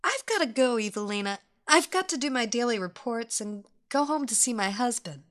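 Eager, pleading grown woman in a lifted voice, lively pitch, as a woman narrator puts her on. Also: normal speed. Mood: flustered. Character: adult woman ex-babysitter, devoted and pleading.

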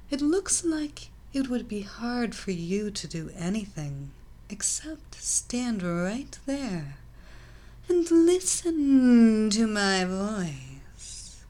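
A woman voicing a soft, controlling young athlete. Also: fairly high pitch, heavily acted. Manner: slow, soft hypnotic cadence, drifting into whispers.

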